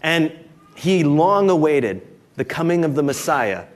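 A man's voice: fairly high pitch, sing-song, measured pace. A male pastor delivering a sermon in a conversational, storytelling way, with folksy jokes as a dad.

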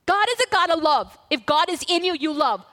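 Woman pastor, high voice, conversational sermon, storytelling, church. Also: lively intonation, a little fast, bright, forceful tone, in a large hall. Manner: conversational preaching, storytelling with acted-out dialogue. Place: church sanctuary.

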